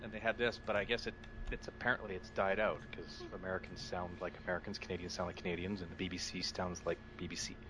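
A man's voice: low-pitched, little pitch movement, fast, crowd noise, poor audio. A man as a podcast guest in casual chat, giving brief, dry replies.

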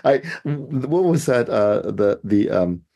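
A Canadian man hosting a podcast interview, talking in a halting way with many fillers and restarts, and often laughing. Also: mid-range voice, lively intonation, vocal fry, mellow. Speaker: podcast host. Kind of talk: casual interview chat.

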